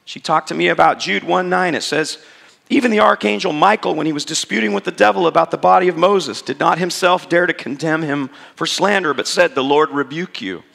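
A man with a fairly high, gravelly voice preaches a sermon. He tells stories in a lively, conversational way and acts out the voices in his quotes. His voice rings out with a long reverb in a church hall. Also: fairly quick. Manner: storytelling, animated and conversational, acting out quotes. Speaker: pastor.

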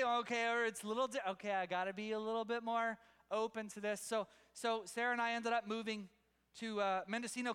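Bright, high-voiced male preacher in a hall. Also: clear, resonant tone. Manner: animated storytelling with restarts and chuckles. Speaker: pastor. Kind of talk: sermon.

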